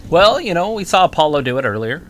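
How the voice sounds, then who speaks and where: A man co-hosting a live wrestling watch-along in casual chat, laid-back and quick to laugh at his own jokes. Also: on the high side, big pitch swings, fairly bright tone, slight background noise.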